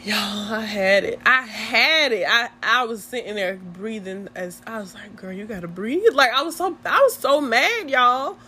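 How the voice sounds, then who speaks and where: Young woman, casual vlog chat, animated storyteller, slightly high voice, faint hiss behind. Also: unhurried, few pauses. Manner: chatty, animated storytelling, addresses viewers as y'all. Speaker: vlogger.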